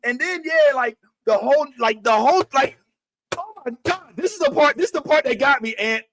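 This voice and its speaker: A man's voice: extremely high pitch, lively intonation, fairly quick, fairly bright tone, slight background noise. A man co-hosting a casual livestream show, arguing his point earnestly and mimicking reporters in a raised voice. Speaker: podcast co-host.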